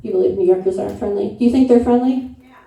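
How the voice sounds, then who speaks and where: A woman's voice: medium pitch, quick pace, gravelly, dark tone. A woman in her thirties from upstate New York doing a brash, crude, self-mocking stand-up set in a comedy club. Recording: echoey room, mic from a distance.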